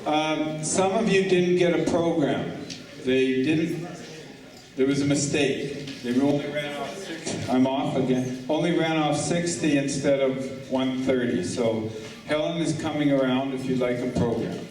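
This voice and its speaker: Stumbling older emcee in an echoey hall. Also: male voice, on the high side, measured pace, darkish tone, recorded from a distance. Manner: rambling, stumbles and corrects himself. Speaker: master of ceremonies. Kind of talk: event emcee announcements. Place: banquet hall at a lunch event. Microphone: far room recording.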